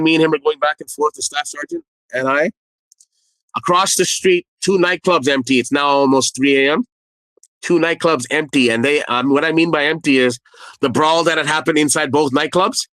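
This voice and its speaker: A man's voice: a little high, moderate pace, no room sound, low-quality recording. Man telling a nightclub bouncer story. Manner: animated retelling with quoted dialogue and repeated phrases. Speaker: former nightclub doorman. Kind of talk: casual spoken storytelling.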